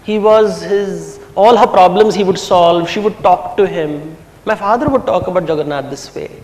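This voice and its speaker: A middle-aged man from India, speaking, telling personal stories in a reflective, unhurried public talk at a commemorative function. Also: sits high, a little mellow. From India, grew up in Bombay. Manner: reflective, unhurried storytelling with pauses. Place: large hall or auditorium. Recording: echoey hall with long reverb.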